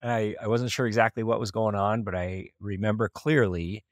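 Deep-voiced man telling a heartfelt story. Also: steady tone, normal speed, no room sound, studio quality. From small-town Idaho, USA. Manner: earnest, heartfelt retelling with occasional chuckles. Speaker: podcast host. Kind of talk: personal storytelling monologue.

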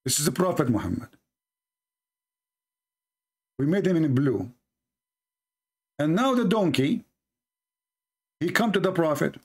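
A man, speaking in a fairly high voice. He reads passages aloud and answers them with sarcastic, jabbing commentary, in the manner of a debate host. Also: big pitch swings, normal speed, breathy edge. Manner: sarcastic, reads text aloud and mocks it with sudden high-pitched jabs. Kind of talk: mocking religious debate commentary.

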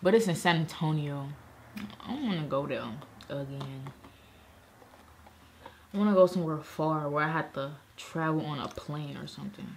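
A woman's voice: sits low, moderate pace, long pauses, slight background noise. A woman hosting a mukbang, chatting casually and slangily while she eats. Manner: slangy, laid-back. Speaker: mukbang host. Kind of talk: casual chat while eating.

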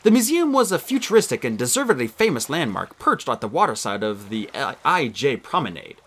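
Animated male audiobook narrator. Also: medium pitch, a little fast, slightly rough. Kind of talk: audiobook reading.

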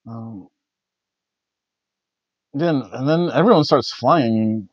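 A man casually reviewing wrestling matches, rambling and restarting his sentences with the odd chuckle. His voice is mid-pitched. The audio is dry and slightly muffled, like a modest home setup. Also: slow, no echo. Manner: rambling, self-correcting, chuckles often. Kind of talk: casual spoken event review.

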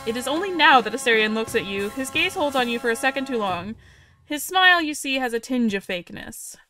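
A woman reading a visual novel aloud, expressive, voicing its narration. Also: fairly quick, faint music behind. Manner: expressive, reads narration lower. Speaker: let's play narrator.

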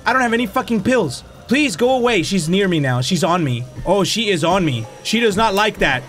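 Panicky high-voiced man yelping at a horror game. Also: animated, fairly quick, soft background music. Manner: panicky, swearing, yelping and shouting in fright; drops Spanish exclamations. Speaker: gaming streamer. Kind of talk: horror game playthrough commentary.

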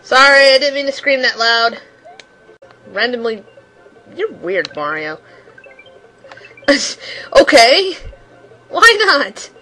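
A young woman commenting on her own gameplay, excitable, yelping and laughing at the game. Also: on the high side, rough recording. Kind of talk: let's play commentary.

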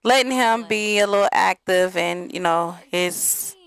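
A woman's voice: mid-range voice, unhurried, a bit bright. A young woman casually narrating her life-simulation game, chatty and sassy, speaking straight to viewers. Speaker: gaming video host.

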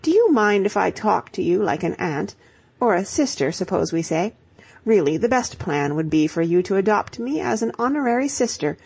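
A woman's voice: mid-range voice, very animated, moderate pace, darkish tone, slightly rough. Woman voicing a spirited, emphatic young woman. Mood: earnest. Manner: emphatic, lecturing, exclamatory. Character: spirited young woman giving brisk advice.

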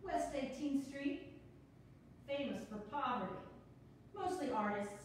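A woman's voice: sits high, expressive, slight background noise. Woman reading a jittery chatty lyricist. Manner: quick, jittery, self-mocking, laughs often. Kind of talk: reader's theater play reading. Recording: echoey room, far from the mic.

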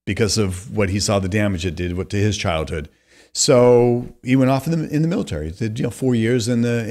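A man in his fifties from California, a podcast guest telling long animated stories and acting out the voices of people he quotes. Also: mid-range voice. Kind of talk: conversational storytelling.

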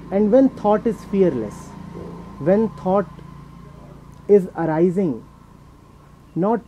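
A man's voice: high-pitched, mellow. Indian man stressing key words. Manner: emphatic, repeats key words. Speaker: spiritual teacher. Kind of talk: answering a question at a talk. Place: talk venue indoors. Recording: dull audio with faint noise.

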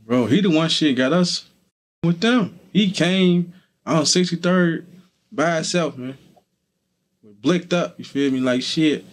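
A young adult man is a guest in a casual street interview, speaking slowly in a slightly high voice. He's laid-back and loose, sprinkling in lots of fillers like "you feel me."

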